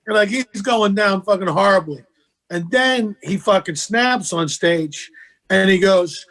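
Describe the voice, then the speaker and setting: A male comedian guest with a fairly high voice, spinning road stories in a relaxed, swearing-heavy chat. He talks loosely, with a storyteller's flow. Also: moderate pace. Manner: profane, laid-back storyteller.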